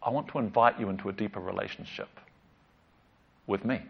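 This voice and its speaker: A man voicing Jesus as a gentle, inviting teacher, speaking softly and sometimes near a hush. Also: lowish voice, fairly quick, creaky, slightly rough. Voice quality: soft, hushed delivery. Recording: slightly dull lo-fi recording.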